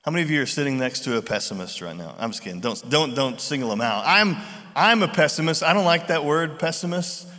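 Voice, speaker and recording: A man preaching a sermon in a relaxed, conversational way, acting out voices in his retellings. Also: on the high side, fast talker. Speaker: pastor. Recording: long reverb of a large hall.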